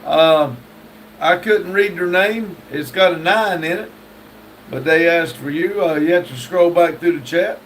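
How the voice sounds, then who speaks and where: High-voiced man reading live chat slowly. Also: fairly bright tone. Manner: reads viewer messages aloud and reacts with wry jokes. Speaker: livestream host. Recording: distant mic with faint background noise.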